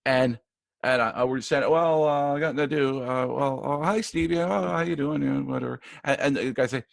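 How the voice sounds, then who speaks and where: A man working as a live event AV producer, casually telling backstage anecdotes in an interview, with lots of restarts and animated retellings. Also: medium pitch, a little fast, vocal fry, no room sound, studio quality.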